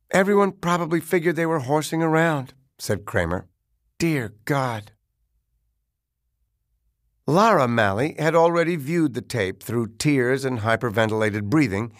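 A man reading a crime novel aloud as the narrator, in a measured, even storytelling delivery. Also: mid-range voice, dry recording, studio quality. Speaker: audiobook narrator.

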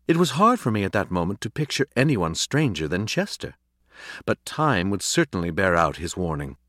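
A man reading a storybook aloud with a wry, expressive delivery, recorded in a dry studio. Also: fairly low pitch, no room sound. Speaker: audiobook narrator. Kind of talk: scripted storybook narration.

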